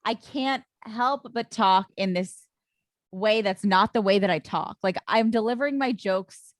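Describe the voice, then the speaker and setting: A woman's voice: medium pitch, unhurried, dry recording. Thoughtful woman podcast host, dry sound. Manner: thinks aloud, hesitant, many restarts. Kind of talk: casual chat.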